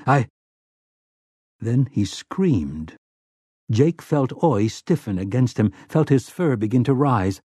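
Brief: male audiobook narrator, steady brisk reading, mid-pitched, dry close sound. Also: husky, no room sound. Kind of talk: scripted novel narration.

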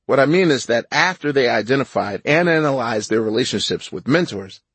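A man narrating his own nonfiction audiobook in a measured, reflective way. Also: mid-range voice, lively intonation, a bit bright, slightly rough, no echo.

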